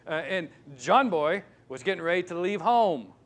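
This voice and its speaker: A male pastor preaching a sermon, emphatic and repetitive, swinging between loud stresses and hushed asides. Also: high-pitched, lively intonation, moderate pace. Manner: repeats key words for stress.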